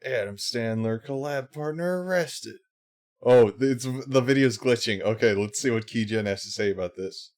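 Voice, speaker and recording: A man's voice: medium pitch, a little mellow. Guy on a twitch stream reacting to a clip, dry little comments under his breath, average voice. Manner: wry, quick to laugh, mutters asides. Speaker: stream host. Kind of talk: casual live-stream reaction chat.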